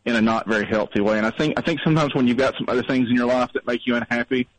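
A man's voice: medium pitch, fairly even intonation, rapid-fire, no echo, low-quality recording. Rambling wry man calling in. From North Alabama, USA. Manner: rambling, wry and self-deprecating, laughs at himself. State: sick, recovering. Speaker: caller. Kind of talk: casual call-in chat.

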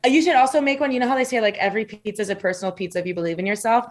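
A woman's voice: medium pitch, rapid-fire. A woman guest on a casual podcast chat, joking and acting out voices in the stories she tells. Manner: jokey, acts out quoted voices.

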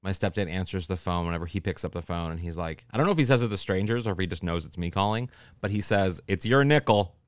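A man's voice: sits low, fairly even intonation, fast, clear, resonant tone, no room sound, studio quality. A man co-hosting a podcast, chatting wryly, laughing often and mimicking voices. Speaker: podcast co-host. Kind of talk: casual chat.

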